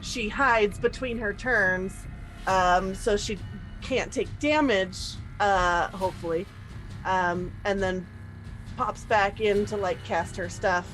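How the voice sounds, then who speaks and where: Slow, hesitant woman at a tabletop game. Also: mid-range voice, a bit bright, faint music behind, rough recording. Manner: hesitant, many fillers. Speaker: player. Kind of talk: casual tabletop play.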